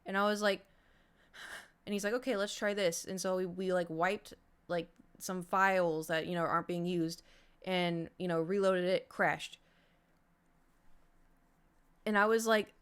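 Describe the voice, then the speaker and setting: A woman's voice: mid-range voice, fairly even intonation, normal speed, pauses often, fairly bright tone, clean tone. A woman streamer casually telling her chat a long story, acting out her own reactions along the way.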